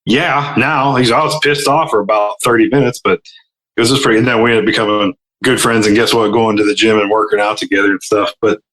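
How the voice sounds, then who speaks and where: A man with a bright, forceful voice, chatting casually on a podcast. He tells crude, joking stories and jumps into the voices of the people in them. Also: on the low side, steady tone, fast, echoey room, poor audio. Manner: crude, joking storyteller, acts out quotes. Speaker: podcast co-host.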